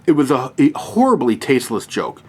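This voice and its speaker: A man talks straight to his viewers in a loose, off-the-cuff political commentary. He is sarcastic and rambling, stopping often to restart his sentences and filling the gaps with hesitations. His voice sits at an ordinary middle pitch. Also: sing-song, brisk. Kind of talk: casual spoken commentary.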